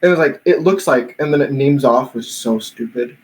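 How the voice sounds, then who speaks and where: A man's voice: medium pitch, a little fast, a little hiss or hum, poor audio. Young man telling a rambling story. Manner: rambling, full of "like" and restarts, laughs while telling. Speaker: podcast host. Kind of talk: casual storytelling chat.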